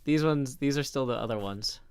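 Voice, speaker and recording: Guy streaming and chatting to his viewers, wry joking asides, relaxed rambling talk. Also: mid-range voice, a little fast, clean tone, no room sound. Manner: chatty, reads chat aloud, wry asides. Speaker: livestreamer. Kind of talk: casual livestream chat.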